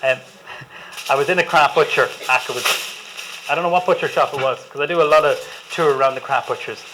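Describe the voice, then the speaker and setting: An enthusiastic Irish chef talks an audience through a cooking demonstration, chatty and full of jokes. His voice sits a little high for a man. A faint hiss of noise stays under the live room. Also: a little fast. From Ireland.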